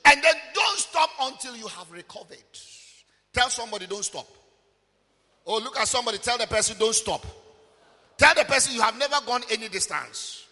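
A man, a pastor preaching with call-and-response and sing-song shouting in a church. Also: very high-pitched, expressive, moderate pace, pauses often. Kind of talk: sermon. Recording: long reverb, faint music behind.

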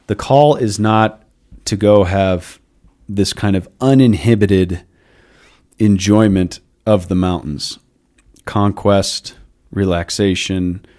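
Man, deep voice, warm mellow tone, podcast host, reflective casual talk, restarts mid-thought. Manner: thoughtful, with frequent restarts and musing asides.

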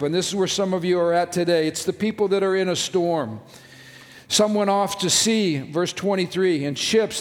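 A man preaching a sermon as pastor, reading scripture and stretching key phrases for emphasis. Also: sits high. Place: church sanctuary. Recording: long reverb of a church hall.

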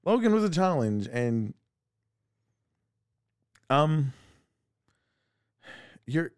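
A man co-hosting a podcast from home, telling personal family stories in a casual, animated way. He laughs often and acts out the voices of the people in his stories. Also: on the high side, very slow, clean tone, no echo, clean studio sound. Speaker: podcast co-host.

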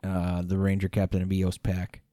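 A man with a low voice talks excitedly and swears freely in a loose podcast chat. The sound is dry and close, with no room in it. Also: normal speed, no echo. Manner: profane, excitable. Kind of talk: casual chat.

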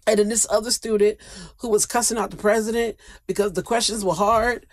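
A woman's voice: mid-range voice, fairly even intonation, fairly quick, no room sound. A woman hosting celebrity gossip news, blunt and profane, with laughing asides. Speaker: entertainment news host. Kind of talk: casual celebrity gossip commentary.

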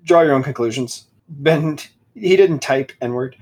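Podcast co-host, male, husky tone, sarcastic reader of book passages. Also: a little high, lively intonation, moderate pace, few pauses, a little mellow. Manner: sarcastic, reads passages aloud with mock dramatic voices. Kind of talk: casual mocking book review chat.

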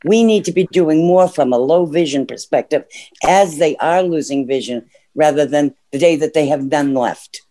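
A man's voice: fairly high pitch, normal speed, mellow. A man calling in to a discussion program, making earnest points and sometimes losing his train of thought. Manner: earnest, loses track of thoughts. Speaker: caller. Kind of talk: call-in comments.

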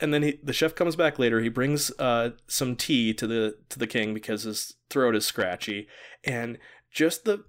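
A man's voice: medium pitch, moderate pace. Casual male host, mid-range voice, easygoing recap talk with frequent laughs. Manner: chatty, laughs often, acts out quoted lines. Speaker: podcast host recapping a TV pilot. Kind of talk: casual chat.

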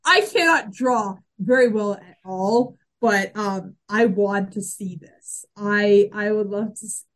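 A woman co-hosting a casual fan podcast, excitable and full of restarts, laughing as she talks. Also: medium pitch, slow pace. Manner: excited, restarts often, laughs while talking. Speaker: podcast co-host.

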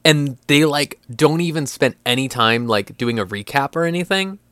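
A man's voice: medium pitch, moderate pace, a bit bright, clean tone, no echo. A young man on a podcast, chatting casually and incredulously, with lots of filler words and swearing. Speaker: podcast co-host. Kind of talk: casual chat.

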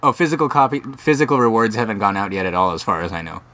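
A man's voice: fairly low pitch, expressive, racing, fairly bright tone. A man on a casual gaming podcast, rambling as he explains things at length.

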